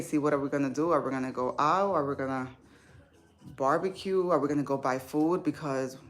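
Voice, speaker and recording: Woman, live stream host, chatty and heartfelt, slightly low voice, talks informally to viewers. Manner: warm, emotional, chatty, informal speech. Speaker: livestream host. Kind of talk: casual live chat with viewers.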